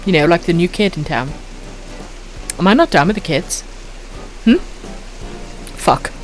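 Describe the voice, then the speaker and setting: With faint music behind her, a Welsh woman in her thirties speaks in a lowish, unhurried voice with lively intonation. On her casual late-night stream she curses freely, giggles, reads the chat out and calls viewers affectionate pet names.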